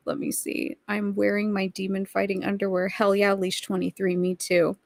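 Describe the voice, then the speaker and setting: Woman livestream host, gravelly voice, dry close sound, chatty and snarky with the chat. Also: mid-range voice, monotone, moderate pace, no room sound. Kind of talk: casual livestream chat reading viewer comments.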